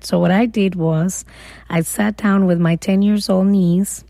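A woman from the Republic, telling a personal story in an earnest, unhurried way during a recorded conversation. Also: medium pitch, fairly even intonation, creaky, mellow, no room sound. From Dominican Republic. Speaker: interviewee.

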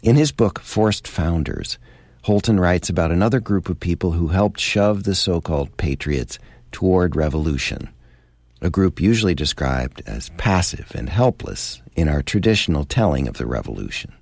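Deep-voiced male documentary narrator. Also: lively intonation, normal speed, vocal fry, a little mellow, no room sound. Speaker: radio documentary host. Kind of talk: scripted narration.

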